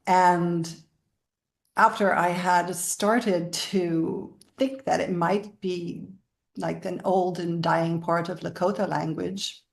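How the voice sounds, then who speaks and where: Low, gravelly woman telling a story. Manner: rambling, laughs often while telling stories. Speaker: interview guest. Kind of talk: conversational storytelling.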